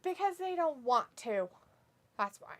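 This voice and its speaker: A woman co-hosting a live wrestling watch-along, chatting casually, laughing a lot and reading viewer comments aloud with animated reactions. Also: high-pitched, a little slow. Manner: giggly and animated, often laughing and reacting loudly.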